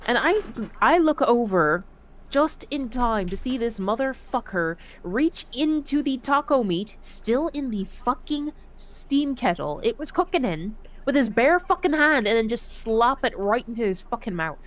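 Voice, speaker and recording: A woman who served in the Navy, telling profane, animated stories in a casual voice chat. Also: fairly high pitch, a little slow. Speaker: Navy veteran storyteller.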